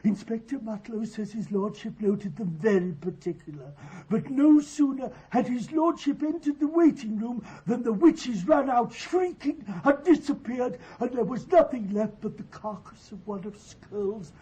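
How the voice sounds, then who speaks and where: A deferential rustic servant in an old radio play, voiced by a man. He speaks with a dark, husky tone. His talk is halting and padded with "sir". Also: very high voice, expressive, heavily acted, low-quality recording. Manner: humble, halting, full of "sir". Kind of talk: radio drama acting.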